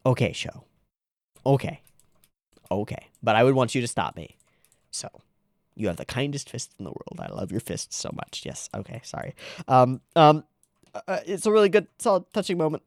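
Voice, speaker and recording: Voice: mid-range voice, sing-song, normal speed, vocal fry, long pauses, dry recording, clean studio sound. An anime reaction host giving casual, rambling, sarcastic commentary on episodes.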